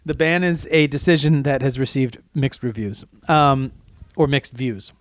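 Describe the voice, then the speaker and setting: A man's voice: medium pitch, no room sound. A man co-hosting a podcast in casual chat, stumbling over words and correcting himself as he talks. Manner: stumbling, halting, self-correcting. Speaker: podcast co-host.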